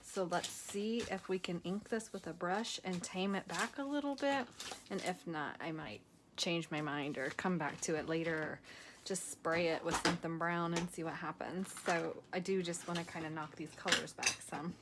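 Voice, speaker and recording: A tired woman hosting a crafting video, chatting casually and softly, at times dropping to a whisper as she works. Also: lowish voice, normal speed, heavy background noise. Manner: soft-spoken, drifts into whispers while working.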